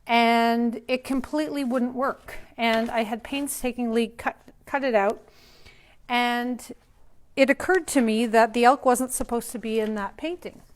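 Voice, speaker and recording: A woman painter hosting a live open studio, chatting and thinking aloud as she demonstrates her process. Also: fairly high pitch.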